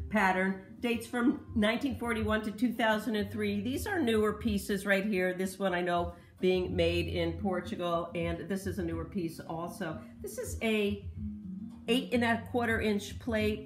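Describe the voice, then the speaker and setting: A woman's voice: mid-range voice, reverberant. Chatty woman showing thrift finds. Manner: chatty, detail-focused, explains pottery history. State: slight cough. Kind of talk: casual show-and-tell vlog.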